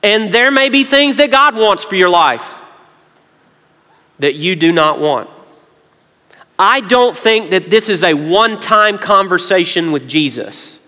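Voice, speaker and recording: An earnest male pastor preaches to his church. His voice sits high and sounds bright and forward. The hall gives it a long, lingering reverb. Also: expressive, a little slow, pauses often. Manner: earnest, drops to quiet tones when emotional. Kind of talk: sermon.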